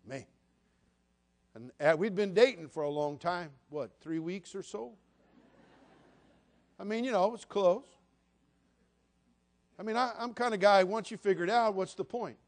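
A man's voice: high-pitched, moderate pace, long pauses. A man in his sixties from the United States, preaching a sermon in a folksy, humorous storytelling way. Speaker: pastor.

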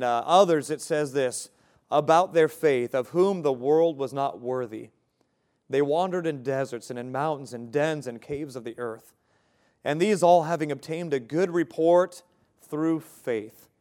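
Male pastor preaching, earnest and direct, slightly high voice, asks the congregation questions. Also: a little mellow. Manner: earnest preaching with rhetorical questions and light laughs. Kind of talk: sermon.

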